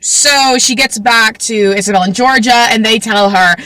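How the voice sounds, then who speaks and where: A young woman in her twenties chats through a book recap for her vlog. Her voice is bright and clear, and she talks in a loose, filler-heavy way, throwing in sarcastic asides as she goes. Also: on the high side, normal speed. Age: 20s. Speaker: book vlogger.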